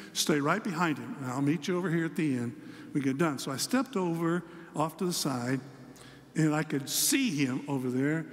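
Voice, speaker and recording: Older guy preaching, pretty high voice, long church echo. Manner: storytelling, acts out a child's voice in quotes. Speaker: pastor. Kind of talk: sermon. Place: church sanctuary.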